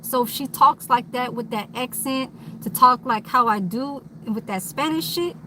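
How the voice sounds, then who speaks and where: Bright-voiced blunt woman vlogging. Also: on the high side, moderate pace, a little hiss or hum, low-quality recording. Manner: rambling, blunt, swears freely. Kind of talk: candid unscripted monologue.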